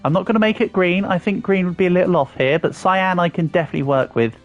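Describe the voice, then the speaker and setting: Man, 30s, English accent, casual streamer chat, slightly high voice, faint music underneath. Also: steady tone, quick pace, dull audio. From England. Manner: chatty, answers viewers' comments as he works. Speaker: livestreamer. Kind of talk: casual live-stream chat while building in a game.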